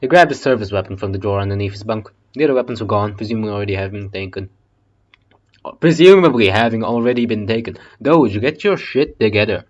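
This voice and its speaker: A man's voice: fairly low pitch, fast talker, dull audio. A man reading an audiobook casually in a basement, breaking off for swearing, joking asides. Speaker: audiobook reader.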